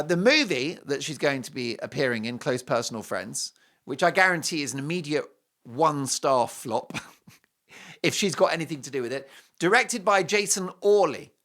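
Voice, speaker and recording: A man's voice: medium pitch, sharp tone. A man hosting a TV show, giving an opinionated, mocking monologue with heavy sarcasm and emphatic swings. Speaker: TV show host.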